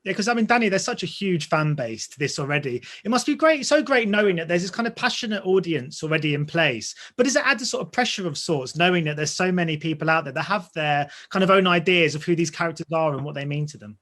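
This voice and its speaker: A man interviewing two actors, asking questions quickly and enthusiastically. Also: fairly high pitch, animated, fairly bright tone. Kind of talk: entertainment interview.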